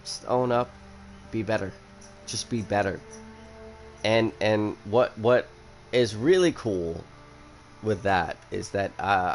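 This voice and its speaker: A young man hosting a casual chat, who rambles bluntly and swears a lot after a few drinks. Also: fairly low pitch. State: has been drinking. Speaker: podcast host.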